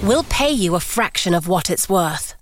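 A woman reading a scripted radio advert in an even, persuasive voice. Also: lowish voice, normal speed, dry recording, studio quality. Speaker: advert voice-over. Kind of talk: scripted ad read.

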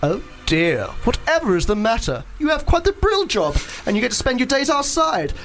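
A man's voice: very high voice, huge pitch swings, normal speed, fairly bright tone, soft background music, pitched above the performer's own voice, heavily acted. A man voicing a pompous male sun who talks in theatrical, old-fashioned phrases. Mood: grand. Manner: theatrical, archaic speech.

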